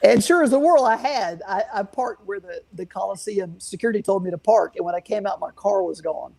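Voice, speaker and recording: A man's voice: sits high, fairly quick, gravelly, darkish tone. A man who runs a guitar shop, answering interview questions with long rambling stories full of fillers. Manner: rambling, many fillers and restarts. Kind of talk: casual storytelling interview.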